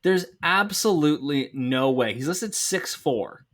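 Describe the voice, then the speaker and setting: A man hosting a podcast in casual chat, relaxed, leading the rundown with dry jokes. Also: a little high, a little slow, no echo. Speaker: podcast host.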